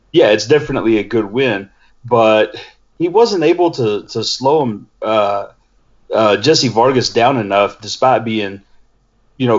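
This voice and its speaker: A man on a casual podcast panel, measured and hesitant with many fillers. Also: medium pitch. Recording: muffled online call audio.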